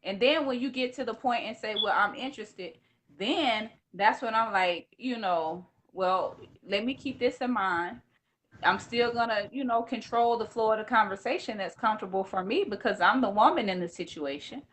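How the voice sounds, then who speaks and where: A woman's voice: fairly high pitch, normal speed. A woman co-hosting a relationship talk show, speaking earnestly and animatedly, often quoting her own thoughts. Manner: earnest, animated, quotes herself. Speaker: podcast co-host. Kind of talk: casual conversation.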